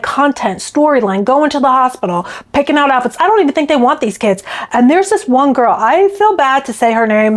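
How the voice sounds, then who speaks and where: A woman vlogger chatting to camera, indignant and talkative, often restarting her sentences. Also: fairly high pitch. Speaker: beauty vlogger reacting to stories. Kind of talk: casual chat to camera.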